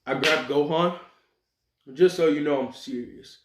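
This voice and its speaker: A young man tells a made-up fan story in a loose, rambling way, full of slang and homemade sound effects. His voice sits a little high for a man. The recording is roomy and echoey, as if made in a bare room at home. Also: unhurried. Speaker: storyteller narrating an imagined fan scenario. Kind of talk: casual animated retelling with voiced quotes.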